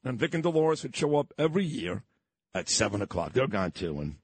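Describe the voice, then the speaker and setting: His voice is mid-range with big pitch swings, a breathy edge and a slightly fast pace, with no room sound. He's a middle-aged radio host from Brooklyn, New York, telling nostalgic stories in a casual morning-show chat.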